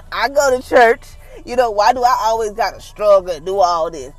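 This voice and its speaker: A woman's voice: medium pitch, moderate pace, dry recording. Woman giving a chatty casual devotion. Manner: conversational, acts out quoted voices; informal, down-to-earth phrasing. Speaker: devotional speaker.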